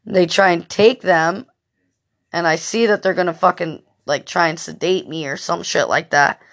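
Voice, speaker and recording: A woman's voice: on the low side, moderate pace, a bit bright. A woman hosting a podcast in a casual monologue, telling rambling stories full of swearing and fillers. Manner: profane, rambling storytelling with lots of fillers. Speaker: podcast host.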